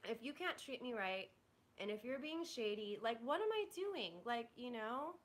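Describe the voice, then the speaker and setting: A young woman vents live to her stream chat, frustrated, blunt, and profane, with lots of "like"s and restarted sentences. Her voice is a little high with big pitch swings, and she talks at a moderate pace.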